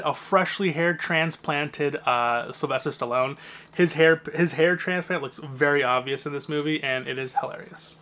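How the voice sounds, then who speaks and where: A young man with a voice that sits a little on the high side. He talks in a loose, rambling way, tossing out opinionated asides as he moves from one item to the next. His delivery is casual and conversational, like an unscripted home vlog. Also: a bit bright, slight background noise. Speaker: movie collector vlogger. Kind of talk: casual collection walkthrough.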